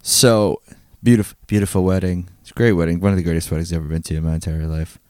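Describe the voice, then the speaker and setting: A man's voice: low voice, fairly even intonation, fast talker, mellow, smooth, dry recording. Young man, podcast co-host, swearing banter, dry close sound. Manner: crude, joking, swears a lot. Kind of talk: casual chat.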